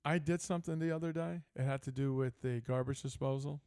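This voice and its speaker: An older man hosting a live sports talk show, telling stories in a casual, animated way. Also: medium pitch, a little fast, clear, resonant tone, no echo, clean studio sound. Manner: storytelling, animated, laughing asides. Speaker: host. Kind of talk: casual chat.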